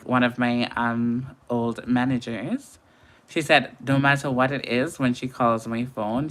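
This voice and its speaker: A woman's voice: rumbling low, slight background noise. A young woman from Antigua with a Caribbean accent, chatting casually with viewers on a late-night makeup livestream, laughing often. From Antigua and Barbuda.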